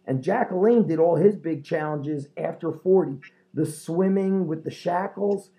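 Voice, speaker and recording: A man hosting a podcast, telling a story in an animated way, laughing and swearing often. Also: a little high, measured pace, creaky. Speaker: podcast host. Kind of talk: casual chat.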